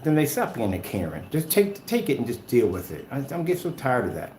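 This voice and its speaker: A man's voice: mid-range voice, huge pitch swings, a little fast, darkish tone, slight background noise. Combative man ranting in an echoey room. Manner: combative, trash-talking, repetitive. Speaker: screen paint maker and vlogger. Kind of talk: off-the-cuff ranting vlog.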